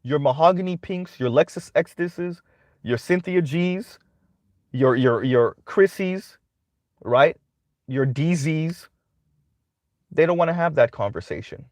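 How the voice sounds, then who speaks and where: A man's voice: a little high, expressive, measured pace, long pauses, darkish tone, no room sound, clean studio sound. A man hosting a commentary channel, giving a casual monologue that keeps checking in with "right?". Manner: conversational, repeats "right?" often.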